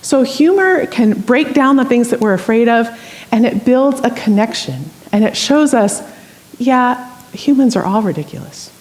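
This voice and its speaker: Animated woman preaching a sermon. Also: on the high side, normal speed. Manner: conversational, animated storytelling with asides to the congregation. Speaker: pastor. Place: church sanctuary.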